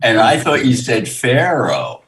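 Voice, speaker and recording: A man's voice: mid-range voice, very animated, unhurried, a bit bright, distant mic. A man hosting a live stream, chatting, asking questions and laughing easily. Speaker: host.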